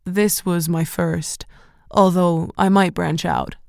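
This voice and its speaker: A woman narrator voicing a confident young man with a faint American accent, smooth and easygoing. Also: fairly low pitch, fairly even intonation, takes it slowly, a little mellow, no room sound, clean studio sound. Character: confident male American parachutist, smooth and cocky.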